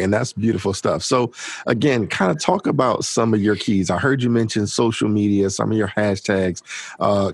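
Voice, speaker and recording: Gravelly, husky male podcast host. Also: on the low side, no echo. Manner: encouraging, short affirmations, laughs along. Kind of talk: casual interview.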